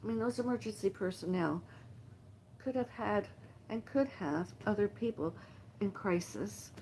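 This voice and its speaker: A middle-aged woman hosting a livestream, talking in a halting, emotional, rambling monologue full of repeated lists. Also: mid-range voice, darkish tone, a little hiss or hum. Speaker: livestream host. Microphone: phone livestream.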